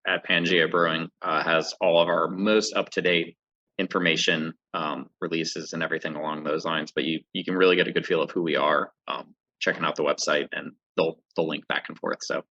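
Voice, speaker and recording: A man's voice: very deep voice, level tone, fairly quick, sharp tone, lo-fi sound. A man, a brewery owner guest on a podcast, chatting upbeat and a bit hesitant, with fillers. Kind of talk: casual interview chat.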